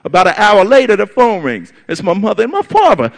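A man telling a personal story to an audience, animated and emphatic, with lots of repetition. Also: high voice, brisk, few pauses. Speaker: storyteller on stage.

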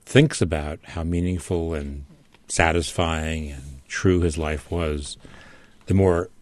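Deep voiced radio guest, slow and measured, dry studio. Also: male voice, steady tone, dry recording. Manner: measured, searching for words. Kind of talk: literary discussion on radio.

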